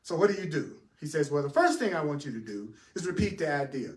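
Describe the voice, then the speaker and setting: Guy teaching a spiritual class, kinda high voice, roomy sound from a mic way off, keeps asking questions and answering them himself. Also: fast talker, distant mic. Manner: animated, chuckling often.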